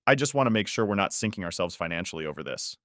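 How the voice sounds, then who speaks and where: A man's voice: low-pitched, animated, racing, a bit bright, no echo, studio quality. A man reading a cold, scheming stepmother. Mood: worried. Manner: tight, falsely sweet, calculating. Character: scheming cold stepmother, middle-aged woman.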